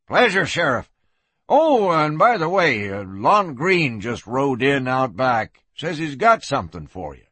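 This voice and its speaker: A man's voice: mid-range voice, big pitch swings, measured pace, fairly bright tone, breathy edge, no room sound, heavily acted. A man voicing an old jailhouse turnkey in a western audiobook, folksy and obliging. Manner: folksy drawl.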